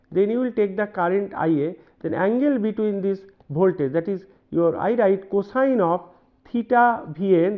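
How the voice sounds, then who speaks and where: A man with an Indian English accent giving a university lecture, working through examples with many pauses, repeats and "right?" checks. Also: high-pitched. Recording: narrow phone-like band.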